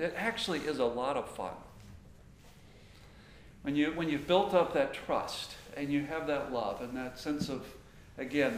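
A middle-aged man giving a conversational sermon on marriage, lively and acting out bits of dialogue. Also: medium pitch. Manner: animated, acts out quoted dialogue. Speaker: pastor teaching on marriage. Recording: roomy with faint ambient noise.

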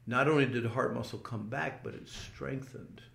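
A man's voice: mid-range voice, normal speed, gravelly, fairly bright tone, roomy sound. An older man earnestly recounting a personal experience in an interview, often restarting his words. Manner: earnest storytelling with repeated restarts. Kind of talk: personal testimony.

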